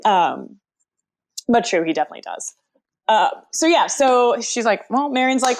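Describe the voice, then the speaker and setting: A woman's voice: mid-range voice, animated, measured pace. A woman co-hosting a podcast who recaps TV episodes in casual chat and acts out quotes from the scenes. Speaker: podcast co-host.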